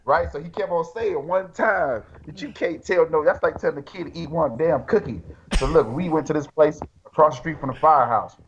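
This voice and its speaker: A man's voice: a little high, fairly quick, lo-fi sound, slight background noise. A man telling stories in a casual, slangy way, acting out other people's lines. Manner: animated, slangy, acts out quotes. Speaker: guest bodybuilder. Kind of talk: casual storytelling.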